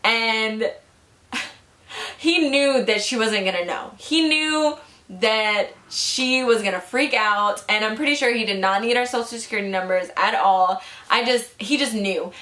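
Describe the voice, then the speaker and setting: A young woman telling a story in casual, animated chat, full of "like" fillers. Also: fairly high pitch, unhurried. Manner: chatty, animated, frequent "like" fillers. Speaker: vlogger. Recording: echoey room.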